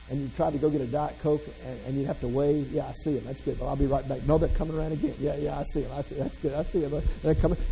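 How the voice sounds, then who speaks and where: Gravelly folksy man speaker. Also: on the high side, dark tone, a little hiss or hum, rough recording. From Southern United States. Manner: folksy joking storyteller who talks straight to the audience. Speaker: motivational speaker. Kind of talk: humorous motivational keynote speech.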